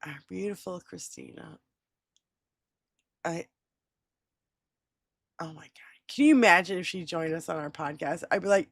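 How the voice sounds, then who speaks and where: A woman's voice: mid-range voice, animated, moderate pace, long pauses, a bit bright, no echo, studio quality. A woman co-hosting a podcast who gushes, giggles and swears casually. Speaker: podcast co-host.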